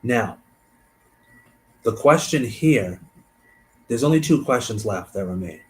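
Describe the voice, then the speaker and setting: A man hosting a stream, reading a case aloud and thinking out loud between passages, trailing off and restarting. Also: medium pitch, animated, takes it slowly, low-quality recording. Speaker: host.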